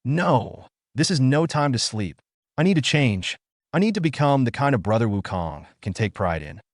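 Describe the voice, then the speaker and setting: A man's voice: mid-range voice, very animated, normal speed, dry recording, clean studio sound, close to an everyday voice. A man voicing a frustrated young man from a comic recap, speaking emphatically in a raised voice. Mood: determined. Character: frustrated young man, bitter then resolute.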